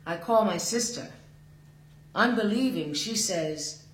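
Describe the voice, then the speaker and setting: A man reading his own literary prose aloud, in a slow, measured and deliberate way. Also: fairly high pitch, a bit bright. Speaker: author reading his work. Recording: roomy recording with faint hum.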